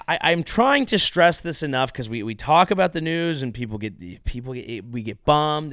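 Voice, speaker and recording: A man's voice: mid-range voice, fairly bright tone, clean tone, dry recording, studio quality. A male comedian hosting a podcast, delivering a sarcastic, rambling monologue full of restarts and mock-grand declarations. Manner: sarcastic, rambling, self-interrupting.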